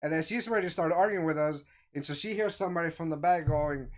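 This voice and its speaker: A man with a somewhat higher voice tells a story in a relaxed, chatty way. He gets animated, acting out the lines of the people in it. It sounds like casual storytelling among friends. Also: fairly quick. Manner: animated, acts out quoted voices. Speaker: host telling a story.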